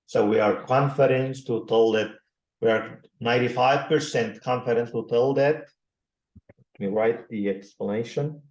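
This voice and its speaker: A man with a Turkish accent giving a university statistics lecture, slowly reading out numbers and repeating himself. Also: mid-range voice, a little mellow. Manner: slow, repetitive, reading out numbers. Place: classroom. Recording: echoey classroom.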